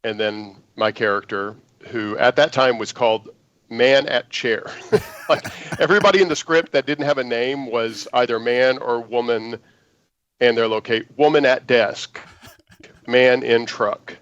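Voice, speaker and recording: A man, an actor guest, telling an animated audition story in an interview and acting out the lines he quotes. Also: mid-range voice, measured pace, no echo, muffled recording.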